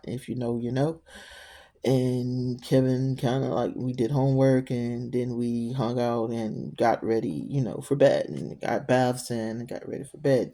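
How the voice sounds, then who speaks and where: Mellow-voiced middle-aged woman storyteller. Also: extremely low pitch. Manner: rambling, conversational asides to the listener. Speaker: storyteller vlogger. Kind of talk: personal storytelling.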